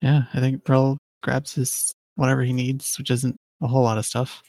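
A man taking part in a tabletop game as a player, low-key and brief. His voice is gravelly at a middle pitch, recorded dry and close. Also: little pitch movement, moderate pace, darkish tone, no room sound. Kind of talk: tabletop role-play.

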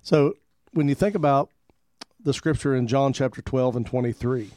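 A man's voice: medium pitch, normal speed, mellow, no room sound, clean studio sound. A pastor co-hosting a Christian radio talk show, speaking in an easygoing, rambling way and often repeating words while he thinks. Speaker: pastor and co-host.

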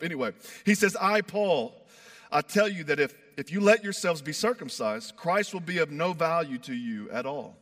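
A man preaching a sermon in a conversational way, swinging from fired-up emphasis to quiet, soft passages. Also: fairly high pitch. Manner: emphatic, builds to fired-up peaks then drops soft; conversational, uses "like" and "you know". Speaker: pastor.

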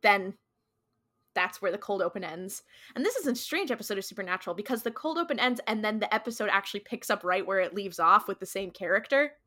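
Bright-voiced chatty woman podcast host. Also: medium pitch, lively intonation, quick pace. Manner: chatty, slangy retelling full of "like". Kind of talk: casual episode recap.

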